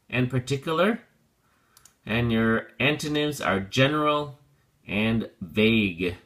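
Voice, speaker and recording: A man's voice: mid-range voice, expressive, takes it slowly, a bit bright. A man teaching an English vocabulary lesson, explaining patiently step by step with plenty of fillers.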